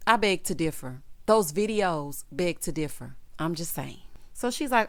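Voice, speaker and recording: A woman's voice: lowish voice, animated, normal speed, no room sound. A woman giving a sassy, opinionated reality TV recap, acting out quotes in character. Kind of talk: casual recap commentary.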